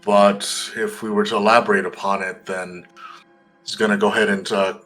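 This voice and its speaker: A man playing a tabletop game, describing his character's actions deliberately with many hesitations. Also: lowish voice, flat delivery, a bit bright, faint music behind, low-quality recording. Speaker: player.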